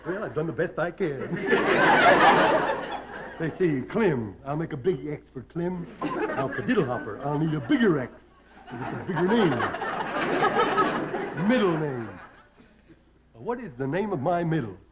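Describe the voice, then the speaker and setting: Dim-witted bumpkin, high lively voice, goofy rambling, noisy old TV audio, crowd laughing. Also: male voice, highs cut off. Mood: muddled. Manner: slow, goofy, rambling comic delivery. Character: dim-witted simple country bumpkin man. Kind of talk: 1960s TV sketch comedy before a live audience. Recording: noisy old TV broadcast with loud audience laughter. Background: studio audience laughing.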